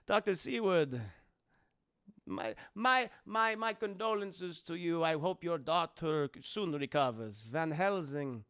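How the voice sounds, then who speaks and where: A man voicing a suave male vampire count who speaks slowly and formally, with smooth, polite apologies. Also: fairly high pitch, expressive, fairly bright tone. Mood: smooth courtly.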